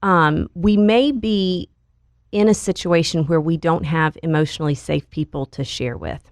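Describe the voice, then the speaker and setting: A woman who is a licensed counselor, calmly explaining coping skills as a podcast guest. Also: low voice, dry recording, studio quality. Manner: calm, measured explaining. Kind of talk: podcast interview.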